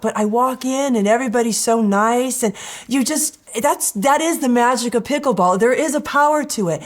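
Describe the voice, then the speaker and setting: A woman's voice: a little high, normal speed. Woman telling personal stories with feeling. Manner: animated, emotional storyteller. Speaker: reality show contestant. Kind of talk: candid interview storytelling.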